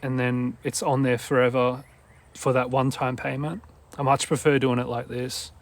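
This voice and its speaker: A rambling, casual monologue from a man whose accent blends Australian, British and Irish sounds. His voice comes across dopey, with a gravelly fry running through it and a middling pitch. He drifts from point to point and keeps going off on tangents. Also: flat delivery, moderate pace. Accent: mixed Australian, British and Irish. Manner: meandering, goes off on tangents.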